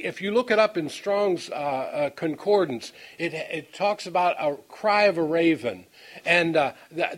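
A man preaching a Bible-teaching sermon. He reads scripture slowly and deliberately, then breaks into folksy stories, often halting and repeating words as he goes. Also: fairly high pitch. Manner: folksy, storytelling asides; halting, repeats words while finding them.

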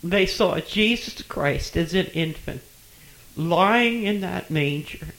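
Older male preacher, slow deliberate delivery, emphatic sermon style in church. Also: high-pitched, animated, creaky, rough recording. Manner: slow, emphatic, dropping to soft asides.

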